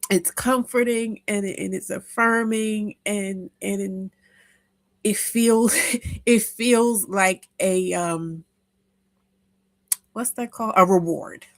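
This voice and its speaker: A woman's voice: medium pitch, fairly even intonation, slow pace, long pauses, no echo, clean studio sound. A woman hosting an informal live chat with listeners, talking in a rambling, heartfelt way full of restarts. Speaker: host of a live audio chat room.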